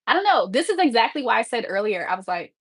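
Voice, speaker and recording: A woman's voice: fairly high pitch, sing-song, fast, slightly rough, no echo, low-quality recording. A woman hosting a casual livestream from her home kitchen, chatting to viewers while she tidies up, laughing often. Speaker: livestream host.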